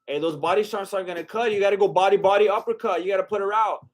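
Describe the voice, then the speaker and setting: Young male streamer, high voice, loose excitable fight commentary with chat asides. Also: rapid-fire. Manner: excitable, exclaims at big shots, chats with viewers. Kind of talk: casual live commentary and chat.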